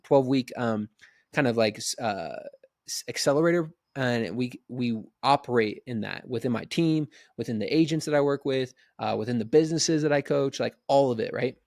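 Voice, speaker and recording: A man in his thirties giving an energetic, conversational motivational business talk, often checking in with "right?". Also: medium pitch, dry recording, clean studio sound. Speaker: business coach.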